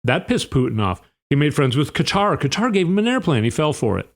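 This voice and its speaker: A man's voice: fairly high pitch, very animated, fairly quick. A man hosting a podcast, delivering a rambling, sarcastic political monologue with an indignant edge. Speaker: podcast host.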